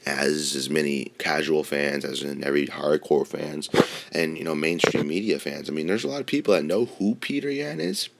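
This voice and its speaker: A man's voice: a bass voice, normal speed, vocal fry. A man talking casually as a podcast host, rambling with lots of fillers and swearing freely. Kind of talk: casual opinion talk on mixed martial arts.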